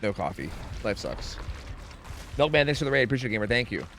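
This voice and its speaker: A man's voice: medium pitch, big pitch swings, fast, a bit bright, faint music behind. A young American man chatting casually while streaming a game, rambling, swearing and humming to himself. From United States. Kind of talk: casual gaming livestream chat.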